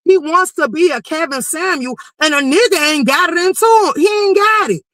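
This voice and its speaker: Woman streamer, high pitch, sharp bright voice, dry close sound, animated profane storytelling. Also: no echo, poor audio. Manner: animated, profane, quick to raise her voice. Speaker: livestream commentary host. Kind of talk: casual storytelling rant.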